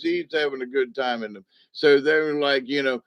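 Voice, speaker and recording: A man's voice: mid-range voice, normal speed, few pauses, no echo. A man telling stories in a rambling, folksy way, often chuckling, on a dull, dry lo-fi recording. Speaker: spiritual card reader. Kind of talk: casual storytelling monologue.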